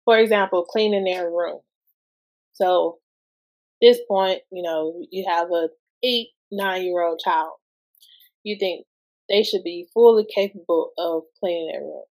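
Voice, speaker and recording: Slow-talking woman podcast host. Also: lowish voice, darkish tone, poor audio. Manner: conversational, rhetorical questions, loose everyday grammar. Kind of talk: casual parenting talk.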